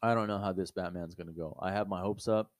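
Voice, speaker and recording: Blunt, low-voiced man ranting casually. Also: fast, dry recording. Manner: blunt, profane, animated ranting. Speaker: co-host of a movie review show. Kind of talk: casual opinionated chat.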